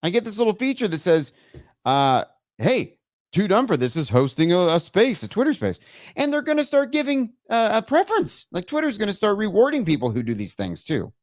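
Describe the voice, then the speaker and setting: A man's voice: sits high, wildly swooping pitch, fairly quick, no echo, studio quality. A man hosting a live show, chatting casually and getting exasperated and laughing at his own tech troubles. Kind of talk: casual live-stream chat.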